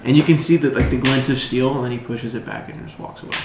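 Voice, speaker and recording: A man narrating as game master for a tabletop game, talking in a casual and relaxed way. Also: mid-range voice, fast. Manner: relaxed, casual, laughing easily. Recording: roomy echo with faint noise.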